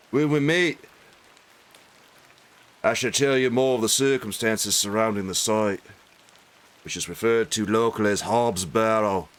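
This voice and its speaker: A man's voice: lowish voice, a bit bright. A man reading a formal letter in a put-on English accent, voicing a courteous, stiff male correspondent.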